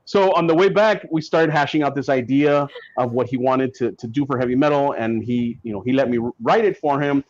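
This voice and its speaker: A man guest on a podcast, telling stories in a casual, animated way and acting out what others said. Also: medium pitch, a little fast, few pauses, no room sound. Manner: animated, acts out quotes from people in his stories. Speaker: guest comic writer. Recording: dull lo-fi sound.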